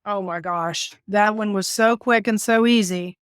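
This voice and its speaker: Animated woman telling a story. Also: mid-range voice, unhurried, clean tone, no room sound, clean studio sound. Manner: animated storyteller, laughs often. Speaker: guest, author and former caregiver. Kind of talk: storytelling interview.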